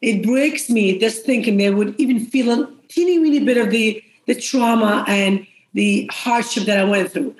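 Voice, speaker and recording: A woman's voice: a little high, moderate pace, few pauses, echoey room, rough recording. A middle-aged woman and mother talking in casual chat, heartfelt and blunt, swearing freely. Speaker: guest, mother.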